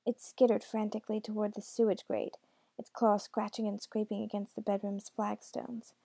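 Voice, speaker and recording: Hushed, gravelly woman reading a story. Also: medium pitch, level tone, normal speed, no echo, clean studio sound. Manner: hushed, intimate narration.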